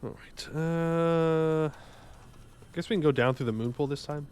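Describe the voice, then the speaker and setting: A man's voice: on the high side, a little slow, a little mellow, clean tone. A young man streaming a game live, joking, rambling and bantering with his chat in a casual way. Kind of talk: casual gaming livestream commentary.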